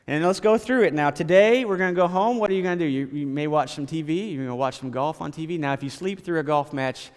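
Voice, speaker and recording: Conversational preacher in echoing church. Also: male voice, fairly high pitch, quick pace, few pauses, darkish tone, clean tone. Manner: conversational, repetitive phrasing, occasional stammers. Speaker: pastor. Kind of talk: sermon.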